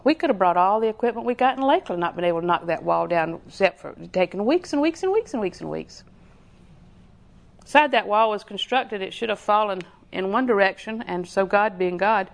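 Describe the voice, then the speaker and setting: A woman's voice: medium pitch, expressive, fairly quick. A middle-aged woman, preaching a sermon in a folksy, storytelling way with lots of repetition.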